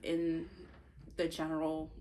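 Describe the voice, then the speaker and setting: A woman's voice: low-pitched, slow pace, a little hiss or hum. Chatty woman retelling her story. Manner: chatty and animated, rambling, self-interrupting; teasing, asides to viewers. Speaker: novelist. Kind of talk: casual retelling of her own book's plot.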